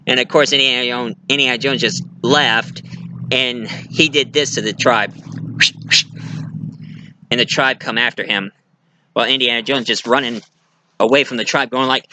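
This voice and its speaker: Bright-voiced chatty male movie reviewer. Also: mid-range voice, steady tone, moderate pace, pauses often. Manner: rambling, chatty, many restarts, laughs at own jokes. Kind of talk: casual film review monologue.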